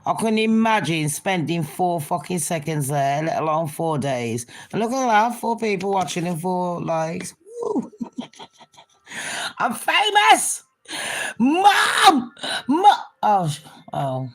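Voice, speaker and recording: A woman's voice: fairly low pitch, lively intonation, slow pace. A woman giving a sweary, mocking commentary vlog, laughing at her own jokes. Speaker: commentary vlogger.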